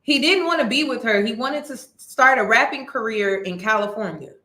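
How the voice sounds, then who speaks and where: Animated woman commentator, high voice, roomy echo. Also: fairly quick. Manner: animated, exclaiming, repeats herself. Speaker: commentary video host. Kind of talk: reaction commentary. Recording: echoey room.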